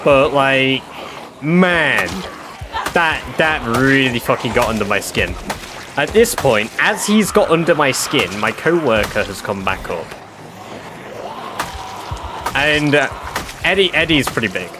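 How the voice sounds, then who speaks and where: A man chatting on a game stream, telling a story in an animated, swearing manner. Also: mid-range voice, slow, long pauses, background noise. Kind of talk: casual livestream chat. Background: game music.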